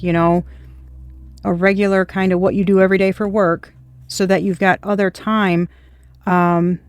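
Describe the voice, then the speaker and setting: A tarot reader giving a casual, rambling intuitive reading straight to viewers, with soft laughs and the odd swear word. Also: medium pitch, dry recording. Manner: rambling, chatty, speaks to unseen viewers.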